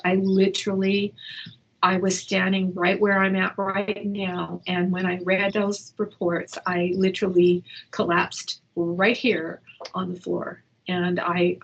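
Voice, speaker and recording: Middle-aged woman, low flat gravelly voice, halting and shaken, telling her story in an interview at home. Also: poor audio. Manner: halting, emotional retelling with restarts. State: shaken, upset. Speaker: interview guest, mother. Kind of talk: personal account in an interview. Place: indoors at home.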